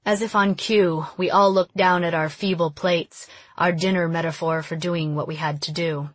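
A woman reading a first-person audiobook in an even, steady storytelling voice. Her voice sits somewhat low, recorded close and dry with no room sound. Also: moderate pace, husky, no echo. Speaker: audiobook narrator.

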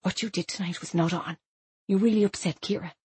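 A woman voicing an exasperated young friend who scolds in a quiet, firm way. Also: mid-range voice, lively intonation, a little fast, slightly rough. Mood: scolding. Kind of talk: audiobook character voice.

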